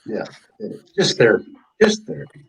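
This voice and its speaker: A man's voice: mid-range voice, sing-song, normal speed, creaky, slight background noise, low-quality recording. A man speaking as a guest on a live stream chat, rambling and supportive, trailing off mid-thought. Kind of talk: casual chat.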